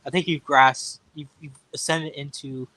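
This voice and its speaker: A man chatting casually about books and films, animated and jokey, swearing now and then. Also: fairly high pitch, measured pace. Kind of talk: casual chat.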